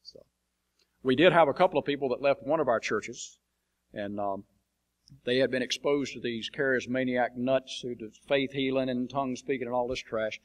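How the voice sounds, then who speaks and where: Plain-spoken male preacher from the United States, mid-pitched and blunt, swapping folksy mission-field stories before a congregation. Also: normal speed. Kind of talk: folksy storytelling talk to a church congregation. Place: church sanctuary.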